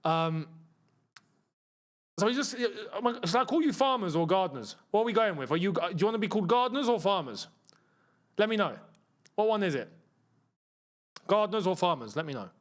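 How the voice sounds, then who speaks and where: A young man hosting a live football watchalong, chatting to his viewers and reacting loudly to missed chances. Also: sits high, moderate pace, pauses often. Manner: excitable, shouts at missed chances, banters with chat. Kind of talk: live match watchalong commentary.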